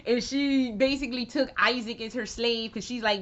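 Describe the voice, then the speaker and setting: A woman vlogger giving a rambling, excitable, profane spoken review of a show she loved. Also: on the high side, moderate pace, lo-fi sound. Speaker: video game vlogger.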